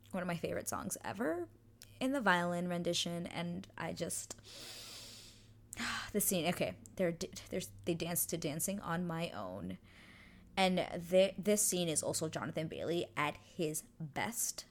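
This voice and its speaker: Excitable woman gushing over a show. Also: lowish voice, unhurried, gravelly. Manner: gushing, excitable, swears freely. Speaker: TV episode recap host. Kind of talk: casual scene-by-scene recap.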